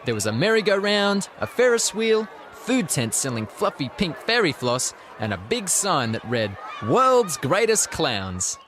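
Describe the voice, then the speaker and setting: A narrator reading a children's storybook with lively expression. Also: medium pitch, unhurried, crowd noise, background noise.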